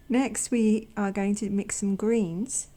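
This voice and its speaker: A woman hosting a watercolor channel, chatting gently as she paints swatches, sometimes dropping to a soft near-whisper and making self-deprecating asides. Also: mid-range voice, fairly even intonation, extremely slow. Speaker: watercolor artist and channel host. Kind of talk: casual narration while painting swatches.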